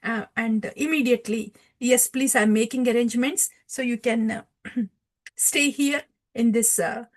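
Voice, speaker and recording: A woman's voice: fairly high pitch, steady tone, a little slow. A woman voicing a humble, devoted man in a retold scripture story, fervent and apologetic. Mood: pleading. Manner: fervent, pleading.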